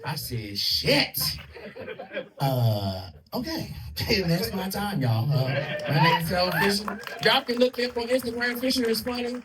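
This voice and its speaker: A man in his thirties tells crude, streetwise jokes in a loose stand-up set. His voice sits a little high for a man. It is caught from some way off the mic, with a noisy club audience laughing and clapping behind him. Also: expressive, moderate pace, hardly any pauses, over a noisy crowd. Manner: loose, profane, streetwise storytelling with crude punchlines. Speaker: stand-up comedian. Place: comedy club stage with a live audience. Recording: distant mic in a loud crowded club.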